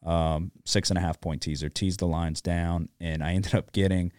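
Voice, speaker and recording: A man's voice: low voice, steady tone, normal speed, darkish tone, smooth, dry recording, clean studio sound. A man co-hosting a sports betting podcast, ranting with frequent profanity in casual chat.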